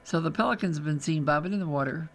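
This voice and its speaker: A man's voice: a little high, quick pace, fairly bright tone. A man reading newspaper articles aloud for a radio reading service, adding chatty asides as he goes. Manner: chatty, adds casual asides while reading. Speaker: volunteer reader.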